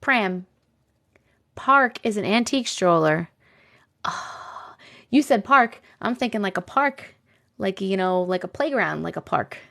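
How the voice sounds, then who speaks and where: Her voice is mid-range, gravelly and a bit bright, with lively intonation, an unhurried pace and long pauses. She has a New York accent and is hosting a relaxed livestream at a computer desk in her home, laughing frequently while chatting and reading viewer stories and comments aloud.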